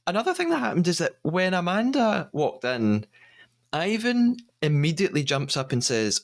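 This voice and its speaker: A man's voice: sits high, very animated, normal speed, vocal fry. A man hosting a podcast, casually retelling scenes with the odd stammered restart. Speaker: podcast host. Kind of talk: casual recap chat.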